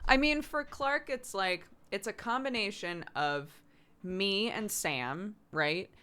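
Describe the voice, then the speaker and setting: A woman's voice: medium pitch, slow pace, bright, forceful tone, clean tone. A woman streaming from home, chatting casually with lots of "like" fillers and frequent laughs. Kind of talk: casual chat.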